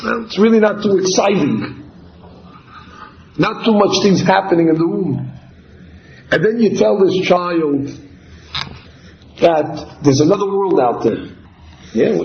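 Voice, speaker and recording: A man teaching a Torah class in an animated storytelling sermon. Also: high-pitched, slight background noise. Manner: animated storyteller acting out dialogue. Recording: slightly dull, roomy recording.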